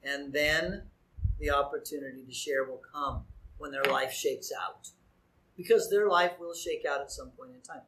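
In a church sanctuary with echoing acoustics, a pastor delivers a sermon, his voice a little high. He preaches in an animated way, throwing rhetorical questions out to the congregation.

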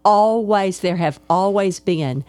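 A woman with an Arkansas Southern accent chats as host of a podcast, animated and given to repeating herself for emphasis. Her voice sits in an ordinary middle range. The recording is dry and close, with little room sound. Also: medium pitch, slow pace, no echo. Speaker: host and ministry leader. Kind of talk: casual podcast chat.

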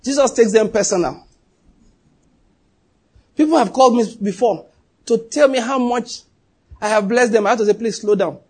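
A male pastor delivers an emphatic sermon in a high, husky voice. He drives each point home and keeps turning to his listeners with questions. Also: moderate pace, pauses often, darkish tone.

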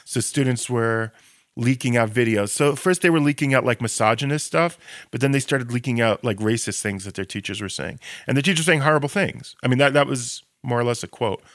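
A man's voice: medium pitch, a little fast, fairly bright tone, no echo, studio quality. A man co-hosting a podcast discussion as an educator. He argues with passion, uses sarcastic rhetorical questions and often restarts his words as he builds a point. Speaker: Israel educator and podcast co-host.

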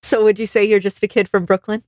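A woman's voice: mid-range voice, level tone, fast talker, a little mellow, dry recording, studio quality. A woman co-hosting a podcast, frank and enthusiastic in casual chat. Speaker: podcast co-host.

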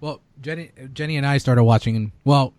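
A man's voice: medium pitch, moderate pace, a little mellow, no echo. A man co-hosting a podcast in casual chat, joking and swearing freely. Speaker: podcast co-host.

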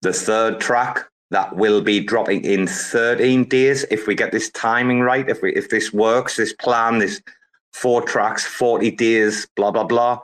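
A man with a lowish voice hosts a loose live audio chat. He rambles from point to point, swears constantly and keeps hyping his friend's work. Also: fairly even intonation, a little slow, fairly bright tone. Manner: profane, rambling, hyped-up. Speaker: host.

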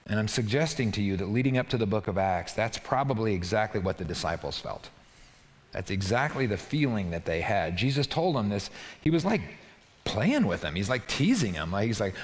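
A man preaching a sermon in a lively, conversational way, often checking in with his listeners. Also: fairly low pitch, fairly quick, big-room sound. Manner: animated, conversational, frequent "right?" asides. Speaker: pastor.

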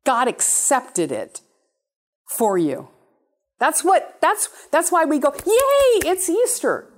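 A woman preaching a sermon in an animated, playful way, with sudden high exclamations. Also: takes it slowly. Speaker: speaker giving a talk.

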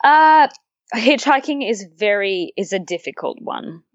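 A woman's voice: on the high side, animated, unhurried, no room sound. Chatty young woman, muffled sound. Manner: chatty, laughing, acts out quoted voices. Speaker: guest. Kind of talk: casual storytelling interview.

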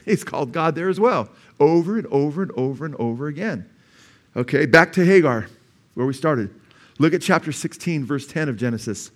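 Male pastor, higher-pitched, emphatic church sermon with rhetorical questions. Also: lively intonation, moderate pace.

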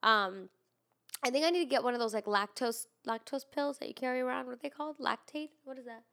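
A woman's voice: high voice, quick pace, gravelly, fairly bright tone. A young woman with a congested, nasal voice, chatting casually with lots of "like" and some swearing. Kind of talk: casual chat.

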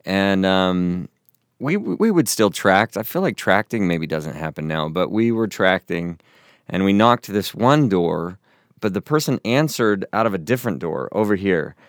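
Podcast guest: man, low and smooth, animated storyteller. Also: a little slow, no room sound, studio quality. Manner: animated, acts out quoted voices. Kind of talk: casual storytelling.

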